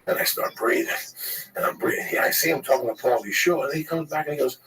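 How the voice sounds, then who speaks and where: A man telling a profane, animated comedy story and acting out the voices of the people in it, as if on a podcast. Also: fairly high pitch, far from the mic, low-quality recording. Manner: profane, rapid, acts out the voices.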